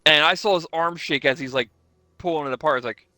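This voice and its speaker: A man's voice: fairly high pitch, fast talker, sharp tone, no room sound. A man chatting on a stream, teasing and joking. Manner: teasing, jokey. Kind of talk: casual chat.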